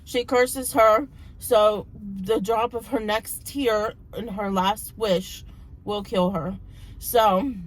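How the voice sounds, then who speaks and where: In a low-quality recording, a woman in her thirties chats on her book vlog, wandering through a plot retelling with a voice slightly hoarse from all the talking. Her voice sits in the mid range.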